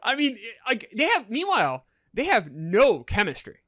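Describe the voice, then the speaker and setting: A man co-hosting a casual movie review chat, a lively storyteller who shares trivia. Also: very high voice, moderate pace, dry recording, clean studio sound. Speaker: podcast co-host.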